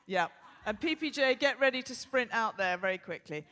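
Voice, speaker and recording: Brisk older English woman on stage. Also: a little high, animated, sharp tone. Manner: brisk, bossy, laughing. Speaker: podcast co-host. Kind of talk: live podcast show chat. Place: theatre stage before a live audience. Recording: long theatre reverb.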